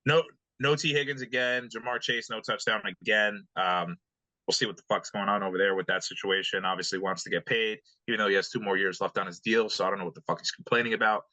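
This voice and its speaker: A man with a bright, forceful voice runs through the week's scores in loose podcast banter, cursing freely and stalling on ums and uhs. The sound is dry and close to the mic. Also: lowish voice, quick pace, no room sound, dull audio. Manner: relaxed, swears often, many ums and uhs. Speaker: podcast co-host recapping games. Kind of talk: casual sports podcast banter.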